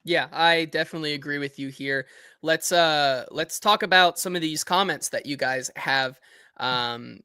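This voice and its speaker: A man hosting a sports talk show, chatting casually and reading out listener comments with animated energy. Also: fairly high pitch, normal speed, clean tone, dry recording, studio quality. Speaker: host.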